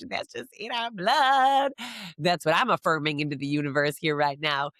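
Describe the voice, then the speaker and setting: A woman's voice: mid-range voice, normal speed, sharp tone, no echo, clean studio sound. A middle-aged woman from the American Midwest, a podcast host chatting casually, rambling and giggling as she acts out quoted lines. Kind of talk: casual chat.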